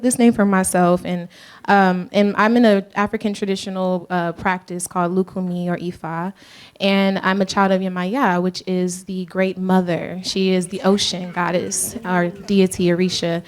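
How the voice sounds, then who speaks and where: A woman from Georgia with a light Southern lilt speaks on a panel in front of a live audience. Her talk is earnest and reflective, and she calls the room "y'all.". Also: mid-range voice. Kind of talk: panel discussion.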